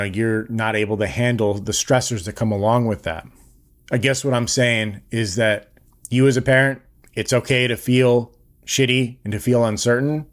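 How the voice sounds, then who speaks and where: A young man hosting a podcast, giving blunt, earnest advice in a casual monologue and swearing freely. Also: mid-range voice. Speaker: podcast host.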